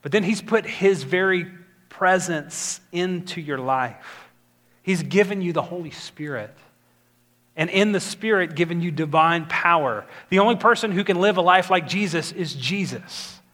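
A man's voice: high voice, unhurried, a bit bright. A man preaching a sermon as pastor, earnest and building to emphatic exhortation.

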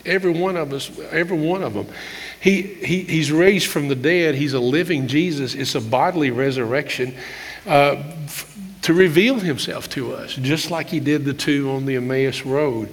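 Older pastor in a reverberant hall. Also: male voice, on the high side, moderate pace. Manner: candid storytelling, frequent throat clearing, repeated restarts. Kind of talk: conversational sermon. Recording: long reverb of a large hall.

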